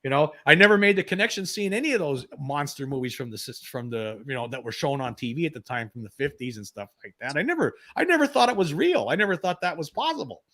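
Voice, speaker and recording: A man's voice: on the high side, lively intonation, fast talker, few pauses, bright, forceful tone. A man in his fifties, a guest, recounting a personal experience with many restarts and repeats.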